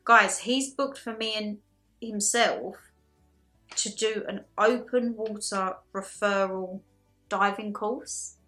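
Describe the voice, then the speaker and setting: Bright-voiced chatty woman vlogger. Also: mid-range voice, slow pace, soft background music. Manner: excitable, chatty storytelling with many "like"s. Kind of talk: casual chat to camera.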